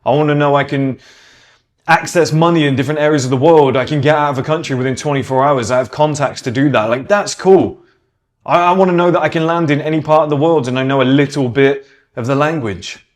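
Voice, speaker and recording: A man's voice: a little high, fast. Emphatic British man ranting casually. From Britain. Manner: emphatic, swears freely, acts out quoted people. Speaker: podcast host. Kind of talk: casual opinionated monologue.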